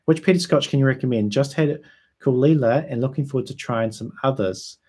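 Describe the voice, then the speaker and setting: A young man with a New Zealand accent hosts a laid-back livestream, reading out viewer comments and answering them. His voice sits at an ordinary mid pitch, and he talks loosely with plenty of ums and easy laughter. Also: fairly quick, breathy edge. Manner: relaxed, chatty, frequent ums and laughs. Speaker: whisky YouTuber hosting a livestream.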